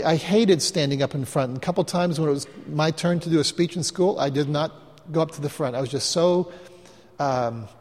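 A man's voice: fairly high pitch, darkish tone. Storytelling pastor man in a reverberant hall. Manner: chatty, self-mocking anecdotes with quick asides. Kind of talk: storytelling sermon to a live congregation. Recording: live hall recording with long reverb.

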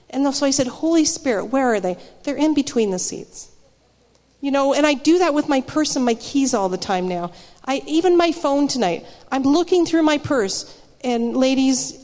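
A woman with a high voice delivers an informal sermon as if chatting with friends. She tells personal stories and often stops to restart a thought. Her voice carries a long reverb from the hall. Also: darkish tone. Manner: chatty, storytelling, with frequent restarts. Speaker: church speaker. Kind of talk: casual spoken sermon.

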